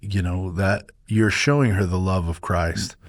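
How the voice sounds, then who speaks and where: Man, low voice, earnest storyteller, dry studio sound. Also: fairly even intonation, unhurried, dry recording. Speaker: pastor. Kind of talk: casual church podcast chat.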